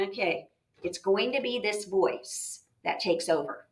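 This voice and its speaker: Woman teacher, bright tone, lively, echoey room, a bit far from mic. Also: medium pitch, a little fast. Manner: lively, acts out inner voices. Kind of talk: classroom reading lesson.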